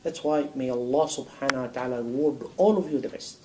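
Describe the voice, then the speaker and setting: A man giving a sermon in a mosque, animated and full of rhetorical questions. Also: mid-range voice, quick pace, background noise. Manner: animated, acts out a dialogue with God, rhetorical questions. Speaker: imam answering a question. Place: mosque hall.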